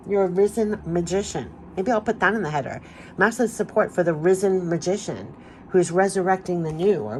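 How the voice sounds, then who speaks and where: Gushing woman reading tarot cards, low voice. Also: a little mellow, slight background noise. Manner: gushing, emphatic, repeats phrases. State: voice giving out. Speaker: tarot card reader. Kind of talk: spiritual card reading.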